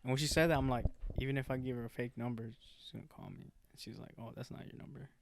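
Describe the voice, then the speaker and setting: A man's voice: medium pitch, very fast, gravelly. A young man co-hosting a casual podcast, telling stories between laughs and acting out what people said. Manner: laughing storyteller, acts out quotes. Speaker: podcast co-host. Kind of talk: casual chat among friends.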